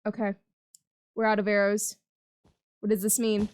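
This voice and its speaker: A woman's voice: mid-range voice, monotone, normal speed, a little hiss or hum. A young woman chatting casually while she plays a game, rambling through a story and laughing often as she talks. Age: young adult. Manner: giggly, laughs often mid-sentence. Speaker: gaming channel host. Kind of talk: casual storytelling over gameplay commentary.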